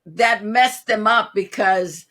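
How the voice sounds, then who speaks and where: A woman hosting an interview in a bright, forward voice, taking her time with each phrase. She asks questions and stresses her compliments by repeating them. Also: medium pitch, takes it slowly. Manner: warmly affirming, repeats for emphasis. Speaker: podcast host, interviewer.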